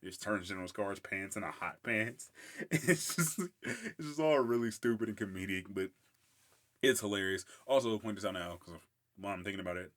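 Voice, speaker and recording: A man's voice: fairly low pitch, a little fast, fairly bright tone. A man hosting a casual solo podcast, rambling about a cartoon with lots of filler words and frequent laughs. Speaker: podcast host.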